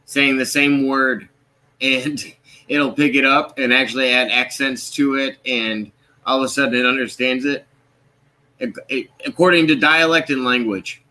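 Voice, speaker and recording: A man's voice: medium pitch, steady tone, normal speed, bright, forceful tone. A man co-hosting a casual live-stream chat in an easygoing, curious way. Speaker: co-host.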